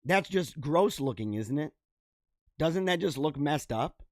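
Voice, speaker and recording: A man's voice: on the high side, lively intonation, measured pace, dry recording, studio quality. A man hosting a show, casually reading out odd news stories and riffing on them with lots of laughter, speaking straight to his viewers. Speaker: podcast host.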